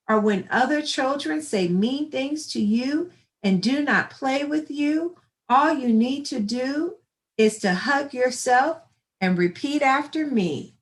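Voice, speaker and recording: A woman reading a children's picture book aloud in a slow, encouraging way. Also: a little high, animated. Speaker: storybook reader. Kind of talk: children's story read-aloud.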